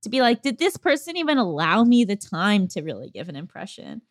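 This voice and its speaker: A woman's voice: mid-range voice, sing-song, fairly quick, dry recording, clean studio sound. A young woman co-hosting a podcast, chatting in a reflective, friendly way. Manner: reflective, friendly, laughs easily. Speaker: podcast co-host. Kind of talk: casual chat.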